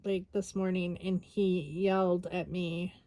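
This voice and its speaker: A woman's voice: lowish voice, little pitch movement, a little slow, warm tone, no echo. An exhausted woman chatting casually while she crafts, rambling with lots of fillers. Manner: rambling, tired, many fillers. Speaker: scrapbooking vlogger.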